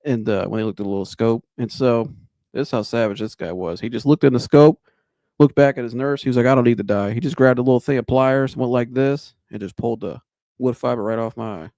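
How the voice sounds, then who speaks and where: A man's voice: mid-range voice, steady tone, brisk, mellow, no echo, studio quality. A man hosting a podcast, telling a long rambling anecdote in a casual way, with restarts and laughter. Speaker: podcast host. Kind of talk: casual storytelling.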